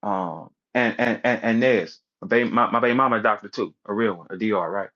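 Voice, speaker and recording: A man's voice: on the low side, brisk. A man in a heated, profane casual rant, telling stories and acting out other people's voices. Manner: profane, animated storytelling, acts out voices of others. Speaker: online audio room speaker. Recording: dull lo-fi audio stream.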